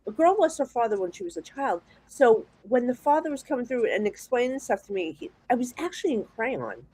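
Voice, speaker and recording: A middle-aged woman with a New Jersey accent, a psychic guest telling rambling, animated stories in a casual chat. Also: on the high side, a little fast, slightly rough, low-quality recording. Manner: chatty, rambling, animated storyteller with restarts.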